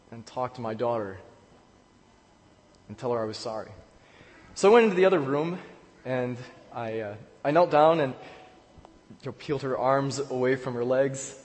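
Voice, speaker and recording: A man, a pastor, preaching a sermon as a personal story, with pauses and repeated words. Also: medium pitch, darkish tone. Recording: echoey hall with long reverb.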